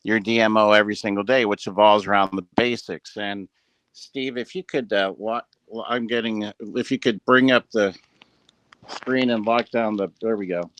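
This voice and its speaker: Low-voiced man giving an earnest pep talk. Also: fairly even intonation, normal speed, fairly bright tone, no room sound. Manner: earnest, rambling with many fillers. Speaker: business leader addressing a team call. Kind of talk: motivational talk on a group call. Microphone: headset with ear monitor.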